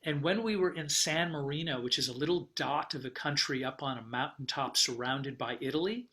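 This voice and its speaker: A man being interviewed as a guest travel writer, telling a story in an animated, rambling way with fillers and restarts. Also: on the high side, fairly quick.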